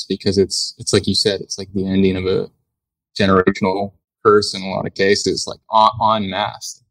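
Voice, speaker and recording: Male podcast guest, gravelly and flat, off-mic and distant, thoughtful. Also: deep voice. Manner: slow and thoughtful, with restarts. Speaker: podcast guest, mindfulness coach. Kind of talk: casual podcast chat.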